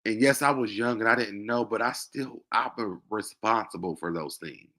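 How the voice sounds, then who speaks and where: Host, male, low-pitched and emotional, halting confessional delivery with frequent fillers. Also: sharp tone. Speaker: show host. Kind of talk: personal confessional monologue.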